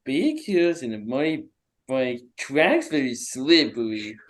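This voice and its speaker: A man's voice: medium pitch, very animated, takes it slowly. A man in his twenties from Florida, answering interview questions in short, simple sentences. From Florida, USA. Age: 20s. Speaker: athlete guest.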